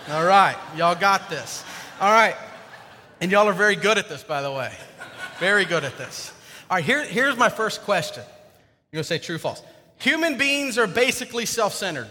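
A sharp-toned, high male voice belongs to a pastor addressing his congregation in a church sanctuary, casual and joking with those in front of him. There's a little hiss or hum, plus a long hall reverb.

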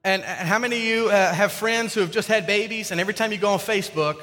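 Bright-voiced joking male pastor in a hall. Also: high voice, quick pace. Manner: conversational, joking with the congregation. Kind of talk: sermon. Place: church sanctuary. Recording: long hall reverb.

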